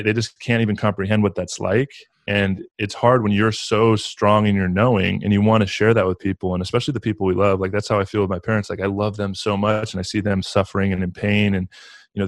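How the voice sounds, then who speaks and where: A man's voice: on the low side, dry recording. A man talking earnestly and reflectively in a casual spiritual conversation, as a podcast guest, with many "like" fillers.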